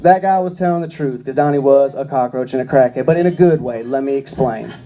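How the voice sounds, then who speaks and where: A man's voice: medium pitch, a little fast, dark tone, highs cut off. A young man performing a stand-up comedy set on a club stage, drawling through stories and acting out the voices in them. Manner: drawling storyteller, acts out quoted voices.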